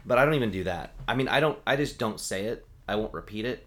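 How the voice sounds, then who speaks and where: A man's voice: on the low side, quick pace. A man who works as a bartender, chatting casually and acting out the people in his stories, with lots of filler words. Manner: animated storyteller, acts out quoted voices, heavy "like" filler. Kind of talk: casual chat.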